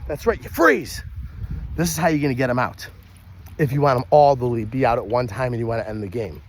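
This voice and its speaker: A young adult man who works as a party entertainer, explaining kids' party games in an energetic how-to style and breaking into loud high shouts when he acts out the calls. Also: quick pace, a little hiss or hum.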